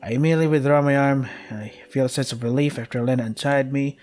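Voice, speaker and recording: A young man reads a game's text aloud in a middle-pitched voice, skimming with "yada yada". He keeps breaking off to swear and grumble in exasperation. Faint music plays underneath. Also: steady tone, fast talker, darkish tone. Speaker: game streamer. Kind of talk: reading game text aloud with frustrated commentary.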